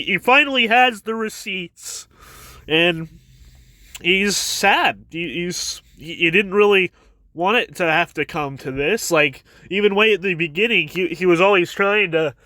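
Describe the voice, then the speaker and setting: A man talks through a chapter in an excitable, casual review, stumbling over repeated words as he goes. His voice is high and bright. The recording is dry and close to the mic. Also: no room sound. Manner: stammering restarts, chuckling, excitable.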